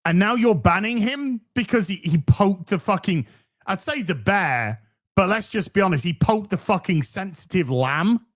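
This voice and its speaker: A man's voice: high-pitched, lively intonation, moderate pace. A man hosting a commentary show, ranting sarcastically and mocking the streamer he reacts to. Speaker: commentary host.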